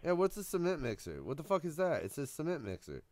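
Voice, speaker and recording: Lively, loud, cursing radio host man. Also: on the high side, fast talker, crowd noise. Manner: loud, joking, swears a lot. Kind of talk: casual profane radio chat.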